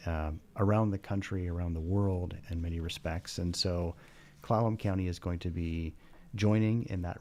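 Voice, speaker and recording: A man giving a measured, earnest radio interview as a county coroner, pausing often with "uh". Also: low voice, vocal fry, a little mellow. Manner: measured and earnest, with frequent "uh" pauses. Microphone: studio microphone.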